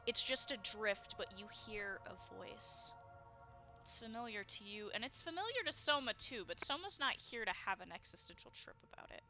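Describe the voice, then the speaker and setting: A woman running a tabletop role-playing session, narrating scenes in a dramatic, unhurried way. Her voice has a gravelly fry, and music plays behind her. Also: on the high side, expressive, bright, forceful tone, dull audio. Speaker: game master. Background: background music.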